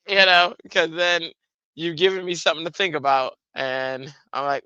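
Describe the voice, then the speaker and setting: A woman chats casually through a late-night craft stream, her voice bright and forward. She tells stories with animated asides, recorded close and dry with no room sound. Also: low-pitched, normal speed, smooth, no echo, highs cut off. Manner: chatty, animated storytelling with playful voiced asides. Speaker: livestream craft host. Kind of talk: casual chat.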